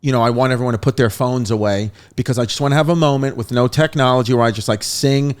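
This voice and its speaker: A man who is a comedian, a podcast guest telling a long story in a rambling, animated way. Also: medium pitch, fast, smooth. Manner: rambling, repeats "I was like", animated retelling. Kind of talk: casual storytelling.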